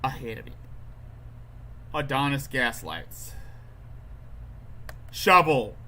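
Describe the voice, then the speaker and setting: A man's voice: mid-range voice, bright, forceful tone, slight background noise. A man giving sarcastic, mocking commentary over a played clip on his livestream. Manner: sarcastic, slow, drawn-out.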